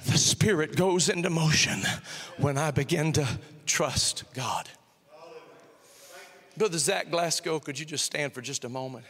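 A man's voice: a little high, unhurried, long pauses. A middle-aged man preaching as senior pastor, telling a story and acting out both sides of a conversation. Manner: animated, repeats phrases, acts out both sides of a dialogue. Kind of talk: sermon with storytelling. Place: church sanctuary. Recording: long reverb of a church hall. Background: long hall reverb.

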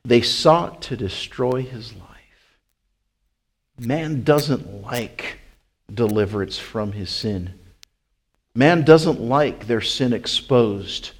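A male pastor preaching with a lively, wide-ranging voice that climbs high and loud, then sinks to a slow, quiet hush. He keeps putting rhetorical questions to his listeners. His pitch sits in the middle range for a man. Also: slightly rough. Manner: swings from loud, high-pitched exclamations to slow, hushed near-whispers; asks the congregation rhetorical questions. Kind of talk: sermon.

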